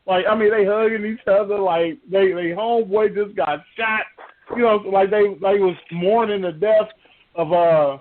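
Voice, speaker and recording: A man with a notably high voice rambles through casual sports banter, piling up fillers and restarting his sentences. The sound is thin and narrow, like a phone line. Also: moderate pace. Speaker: sports talk podcast host. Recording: tinny phone-like podcast audio.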